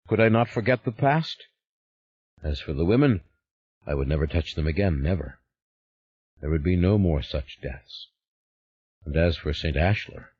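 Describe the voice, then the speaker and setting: A man's voice: sits low, a little mellow, husky, highs cut off. A man narrating a thriller audiobook in the first person, with a grave, brooding reading.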